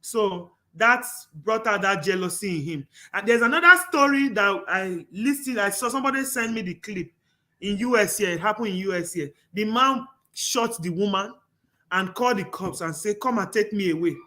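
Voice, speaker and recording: A man's voice: high-pitched, expressive, normal speed, bright, forceful tone. A man hosting a casual panel discussion, talking earnestly and rambling through stories with frequent restarts. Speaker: talk show host.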